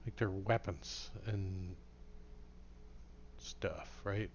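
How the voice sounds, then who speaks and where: A man's voice: low-pitched, very slow, vocal fry, muffled recording, slight background noise. A man running a tabletop game as game master, talking casually and rambling with many fillers.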